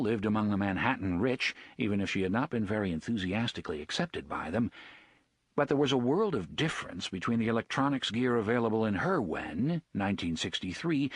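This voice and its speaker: Husky, expressive male audiobook narrator. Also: lowish voice, dry recording. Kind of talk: scripted narration.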